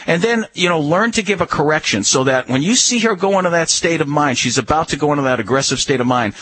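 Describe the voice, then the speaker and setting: A man giving calm, firm dog-training advice to a radio caller, coaching him step by step. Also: fairly high pitch, fast talker, rough recording. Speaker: dog behavior expert.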